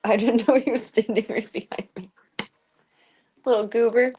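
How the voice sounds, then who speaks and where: A woman's voice: on the high side, fairly even intonation, a little fast, dark tone, faint music behind. A young woman streamer chatting casually at home, rambling and cooing baby talk at her cats. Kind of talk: casual chat while streaming.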